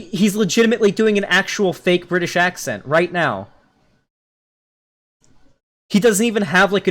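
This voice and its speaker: A man's voice: on the high side, fairly bright tone. A man casually reacting to a video clip, mocking it and swearing freely. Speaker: political commentary youtuber.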